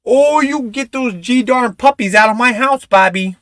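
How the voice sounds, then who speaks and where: A man putting on the voice of a nagging mother with a Minnesota accent, speaking high and drawn out. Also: normal speed, fairly bright tone, no room sound, clean studio sound. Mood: scolding. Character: nagging Midwestern mom, scolding her son.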